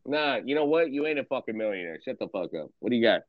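A man's voice: medium pitch, big pitch swings, fast talker, no echo. Brief: male host, aggressive profane taunter, lo-fi dull chat audio, dry sound. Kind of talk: voice chat insult exchange.

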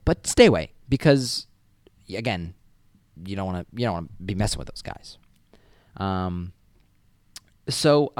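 A young college-age man vlogs to the camera in a casual, rambling monologue, cursing freely and doing little character voices. His voice sits lowish and a bit mellow, captured at studio quality with no room sound.

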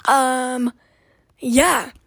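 Young woman podcast host, hoarse and breathless, rambling casual chat; high, husky voice, dry close sound. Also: steady tone, very slow, fairly bright tone, no echo, poor audio. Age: young adult. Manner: rambling and chatty, full of "like" fillers and self-corrections.

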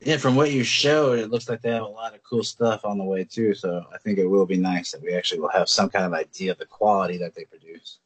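This man co-hosts a podcast and keeps the talk going in a relaxed, chatty way. His voice sits a little low. He often laughs between his remarks. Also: quick pace, hardly any pauses, breathy edge, dry recording. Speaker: podcast co-host. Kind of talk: casual chat.

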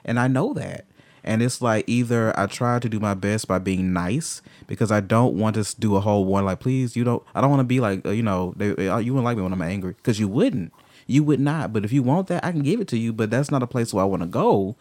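Fiery, low-voiced man in candid talk. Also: a little fast, no room sound. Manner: emphatic, swings from low and brooding to loud and fired up; swears freely. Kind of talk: candid conversation.

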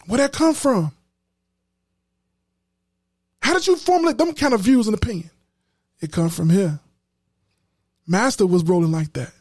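Emphatic high-voiced podcast host. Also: male voice, animated, moderate pace, darkish tone, no room sound, clean studio sound. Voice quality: emphatic, preacherly, repeats words. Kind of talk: casual commentary.

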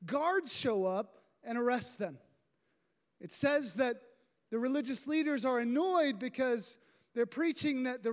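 High-voiced pastor preaching in a reverberant hall. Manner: animated, emphatic storytelling. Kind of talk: sermon. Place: church sanctuary with seating.

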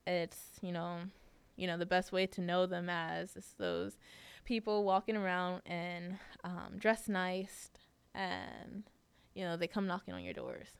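A young woman hosts a podcast and tells a personal story in a chatty, casual way, full of fillers and frequent laughter. Her voice is on the low side, creaky and steady, and she speaks unhurriedly. The sound is clean with no echo.

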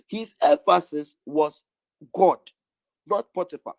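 A man's voice: high-pitched, animated, a little slow, creaky, a little mellow, no echo, poor audio. A man preaching a sermon, stressing his points by repeating lines over and over.

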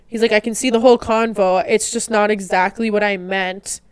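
Young woman from Canada, podcast co-host, a bit tipsy, swears through an animated retelling, smooth voice on a dry close mic. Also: mid-range voice, moderate pace, no room sound. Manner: profane, animated storytelling. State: a little tipsy. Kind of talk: casual podcast chat.

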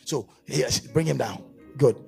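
A man's voice: mid-range voice, measured pace, vocal fry, slightly rough, soft background music. A male preacher giving a live sermon at a church service, directing volunteers and leading fervent prayer. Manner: animated, rising to fervent shouted prayer. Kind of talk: live sermon with a staged demonstration. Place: church service before a congregation.

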